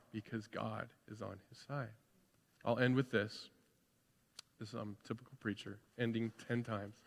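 A male pastor preaching a sermon, moving between loud, excited preaching and quiet, intimate tones. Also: mid-range voice. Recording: long hall reverb.

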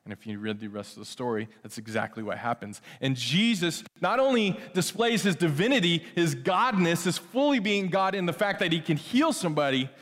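A man preaching a conversational sermon as pastor, swinging between loud emphasis and hushed, tender passages. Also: fairly high pitch, animated, brisk, hardly any pauses. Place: church sanctuary. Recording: long hall reverb.

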